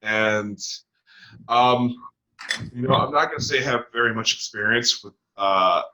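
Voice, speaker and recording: A man hosting a talk show, speaking in a hesitant, deliberate way with many ums. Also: medium pitch, bright, forceful tone, rough recording. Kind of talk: casual talk show chat.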